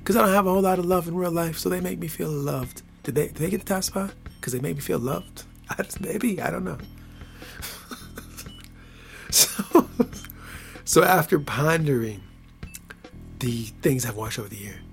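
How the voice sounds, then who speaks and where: A man hosting his own podcast, talking casually in a rambling, repetitive, playful way that swings from hushed to excited. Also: a little high, normal speed, creaky, long pauses, soft background music. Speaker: podcast host. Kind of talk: casual solo podcast monologue.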